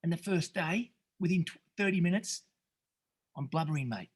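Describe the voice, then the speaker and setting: A man's voice: fairly high pitch, moderate pace, breathy edge. A middle-aged Australian man telling his story as a podcast guest, earnest and rambling, swearing often and calling people mate. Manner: rambling with many restarts. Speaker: podcast guest, retreat founder. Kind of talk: emotional storytelling.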